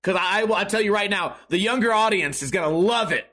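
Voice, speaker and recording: High, bright-voiced man telling a sarcastic story. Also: fast talker. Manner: sarcastic, exaggerated, profane. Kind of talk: comedic storytelling rant.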